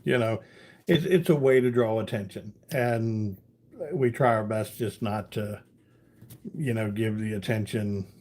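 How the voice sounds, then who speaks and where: A man's voice: lowish voice, unhurried, darkish tone. A man hosting a casual live stream, reading out viewer comments and telling a rambling story, with a lot of "you know" along the way.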